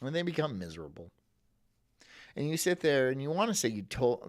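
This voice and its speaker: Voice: medium pitch, very animated, a little fast. Brief: ranting streamer, heavy sarcasm and swearing, voice swings up and down a lot. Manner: sarcastic, profane, mocking. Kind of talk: ranting live-stream monologue.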